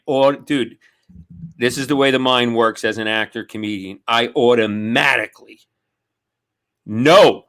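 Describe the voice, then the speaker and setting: A man's voice: mid-range voice, bright, forceful tone. A man with a New York accent telling a story animatedly on a video call, swearing and acting out quoted voices. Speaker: comedian guest. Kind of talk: casual storytelling chat.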